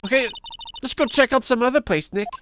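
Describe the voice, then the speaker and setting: A man's voice: extremely high pitch, a little fast, background noise, voice pushed up. A man voicing a cheerful young female sidekick in a game, perky and a little chiding. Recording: game music underneath.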